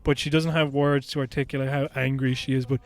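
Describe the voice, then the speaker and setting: A man's voice: medium pitch, little pitch movement, fast. A man co-hosting a podcast, telling stories in an earnest, reflective way with lots of "like" and "you know". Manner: earnest, reflective storytelling with many fillers. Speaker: podcast co-host. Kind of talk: casual chat.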